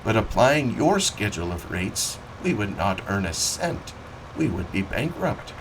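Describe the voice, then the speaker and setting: A man reading aloud, voicing a calm, smooth-talking railroad agent who placates farmers. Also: lowish voice, measured pace, distant mic, background noise.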